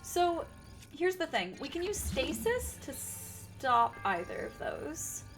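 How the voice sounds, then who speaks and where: A woman talks casually through a game stream, greeting viewers and musing aloud with a slightly sore throat. Her voice sits a bit high and swings animatedly, with soft music underneath. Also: sing-song, slow. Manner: chatty, greets chat, thinks aloud. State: sore throat, sipping tea. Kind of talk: casual game livestream chat.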